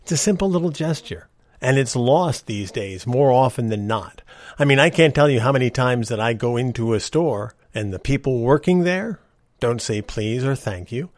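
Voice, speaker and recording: A middle-aged podcast host speaks into a close mic in a medium-pitched, expressive voice at a normal speed, with no echo. His casual monologue comes across as an earnest rant.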